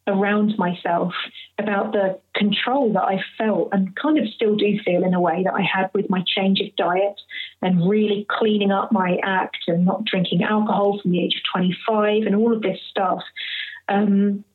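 A woman's voice: mid-range voice, steady tone, normal speed. A woman in her thirties, an interview guest, telling a personal story candidly and with feeling, acting out what others said. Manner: candid, emotional, acts out others' speech. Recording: phone-like narrow audio.

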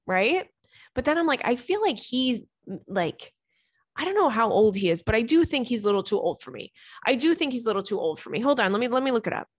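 A woman's voice: a little high, big pitch swings, a little fast, no echo, clean studio sound. A young woman hosting a podcast in casual chat, talking frankly and chattily and swearing freely. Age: young adult. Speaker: podcast host.

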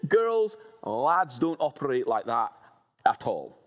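A man preaching a sermon, reading scripture and telling lively, humorous stories. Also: mid-range voice, slow pace. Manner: animated, humorous storytelling.

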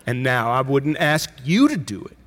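A man's voice: mid-range voice, sing-song, moderate pace, a bit bright, slight background noise. Middle-aged man preaching conversationally. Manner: conversational preaching with emphatic rises and self-corrections. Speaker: pastor. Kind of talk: sermon.

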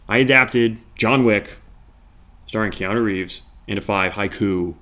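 A man hosts a solo podcast at a normal speed, rambling in a jokey, self-deprecating way. His delivery swings from low mumbles to loud outbursts.

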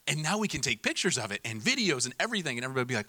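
Animated pastor man, bright dry voice. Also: medium pitch, rapid-fire, no echo. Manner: animated, mimics people in voices, laughs at himself. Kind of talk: sermon.

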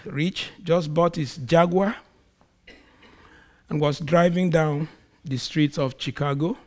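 Male preacher, slow and dramatic, bursts loud for acted quotes, somewhat higher voice. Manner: dramatic swings in pitch and volume; acts out quoted speech in a raised voice. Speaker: pastor. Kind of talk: sermon.

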